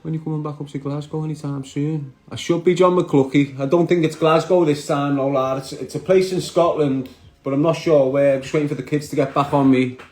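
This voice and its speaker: A man's voice: fairly high pitch, steady tone, brisk, darkish tone. Brash man on a live stream. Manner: brash, chatty, reads out viewer comments. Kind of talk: casual live stream chat.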